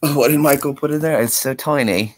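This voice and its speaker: A man's voice: mid-range voice, a little fast. A man hosting a livestream, rambling through jokes that amuse himself in casual chat. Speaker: livestream host. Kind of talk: casual joking stream chat.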